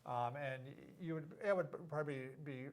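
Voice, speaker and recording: A man's voice: on the high side, moderate pace. A middle-aged man who is a physical therapist, hosting a casual, joking explainer and tripping over medical terms. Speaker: physical therapist, show host.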